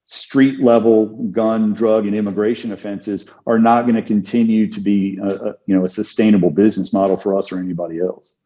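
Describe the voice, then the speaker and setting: A man with a low, mellow voice talks through an interview as a criminal defense attorney. He is measured and thoughtful and fills his pauses with ums and uhs. The sound is dull and lo-fi. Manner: measured, thoughtful, with many fillers. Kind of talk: casual interview talk.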